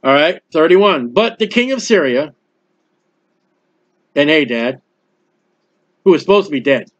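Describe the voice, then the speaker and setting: Animated man preaching, lo-fi recording. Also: fairly high pitch, a little slow. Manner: animated, acts out biblical characters, quotes scripture. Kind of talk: expository Bible sermon. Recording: dull lo-fi recording.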